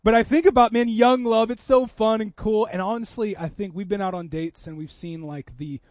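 A man in his thirties preaching a sermon, telling stories with swings from loud bursts to quiet moments. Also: sits high, normal speed, no room sound, lo-fi sound. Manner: animated storytelling, swings from loud to soft. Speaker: pastor.

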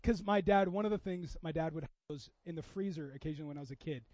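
A middle-aged man preaching a sermon, telling family stories with animated dialogue. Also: on the high side, quick pace, no room sound, highs cut off. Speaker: pastor.

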